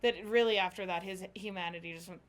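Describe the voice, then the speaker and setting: Fast-talking chatty woman host. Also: on the low side, slight background noise. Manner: chatty, laughing, says "like" and "you know what I mean" a lot. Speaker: podcast host. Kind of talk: casual interview chat.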